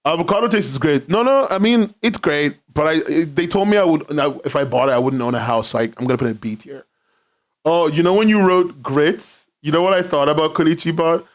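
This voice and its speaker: A man's voice: fairly high pitch, a little fast. A young man streaming from his home in London, rambling casually, laughing often and swearing freely.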